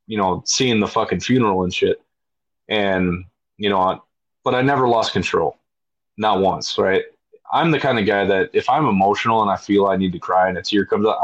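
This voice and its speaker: A man in his thirties, a veteran guest telling his story in a blunt, profane, casual way, with lots of fillers. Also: fairly low pitch. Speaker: podcast guest, military veteran. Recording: dull lo-fi audio.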